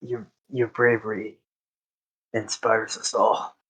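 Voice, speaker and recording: A man playing a steady male warrior who calmly comforts a friend in a tabletop game. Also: lowish voice, slow pace, slight background noise, poor audio.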